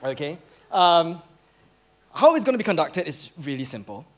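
A man with a high, light voice hosting a congregation quiz in a church sanctuary. He speaks into a microphone, reads scripture first, then jokes and teases with quick chuckles. His tone is friendly and playful. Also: sing-song. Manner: playful, teasing, chuckles between lines. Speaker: church fellowship quiz host.

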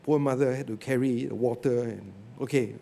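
A man preaching a sermon on a Bible passage, telling stories in an animated way and often checking in with "okay?" and "you see". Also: medium pitch, normal speed, vocal fry.

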